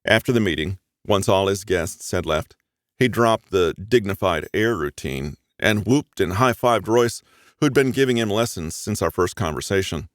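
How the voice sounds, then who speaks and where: A man narrating a first-person romance audiobook in an expressive, even storytelling manner. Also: low-pitched, moderate pace, dry recording, studio quality.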